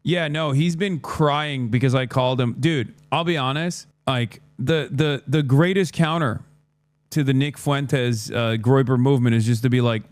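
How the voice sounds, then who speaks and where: An American man giving sarcastic, rapid-fire live-stream political commentary. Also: medium pitch, no echo. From United States.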